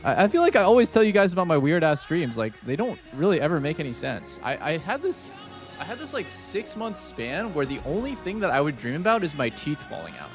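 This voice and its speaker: A man's voice: fairly high pitch, wildly swooping pitch, a little fast, faint music behind. A man streaming a casual chat to his viewers, rambling and swearing with lots of "like". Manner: rambling and profane, heavy use of "like". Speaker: game streamer.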